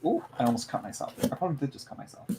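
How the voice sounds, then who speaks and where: A man's voice: mid-range voice, wildly swooping pitch, racing, background noise. A man chatting casually to live viewers as he unboxes a tarot haul, rambling with many fillers and small asides.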